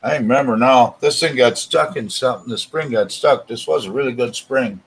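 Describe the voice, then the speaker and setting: A man's voice: mid-range voice, moderate pace, husky. A man hosting a casual live stream from his living room, chatting with guests while he tinkers and mutters.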